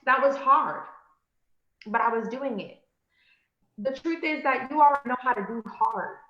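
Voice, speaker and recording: A woman giving an encouraging motivational talk on a call and addressing her listeners as friends. She swings between loud emphatic bursts and low, confiding asides. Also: animated, moderate pace, reverberant, lo-fi sound. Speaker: motivational speaker, business coach. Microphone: call audio.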